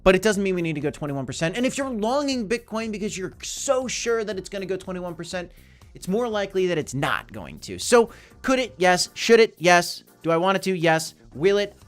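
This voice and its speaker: A man's voice: sits high, fairly quick, faint music behind. A man hosting a casual crypto market livestream, talking energetically and hammering his points with repetition. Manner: energetic, emphatic, repeats points.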